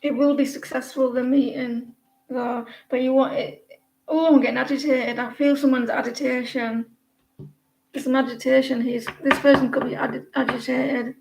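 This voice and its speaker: A woman's voice: high-pitched, level tone, normal speed, creaky, a little mellow. A woman giving a live, casual tarot reading. She is chatty, laughs often and breaks off mid-sentence. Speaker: tarot reader. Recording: echoey room with faint background noise.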